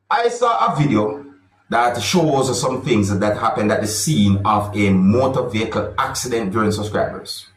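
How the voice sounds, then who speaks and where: A man's voice: mid-range voice, distant mic. A man hosting a commentary vlog, repeatedly addressing his viewers and subscribers in a formal, roundabout way. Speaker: vlog host. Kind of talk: news-style commentary vlog. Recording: echoey room, voice a bit off mic.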